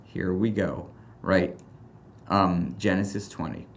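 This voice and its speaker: A man teaching a recorded lesson, reading scripture passages aloud and thinking aloud with rhetorical questions, restarts and animated outbursts. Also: low-pitched, slow pace.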